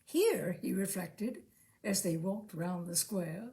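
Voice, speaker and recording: Lively, expressive woman storyteller. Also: fairly low pitch, slow pace. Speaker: reader of short stories. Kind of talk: scripted narration of a comic story.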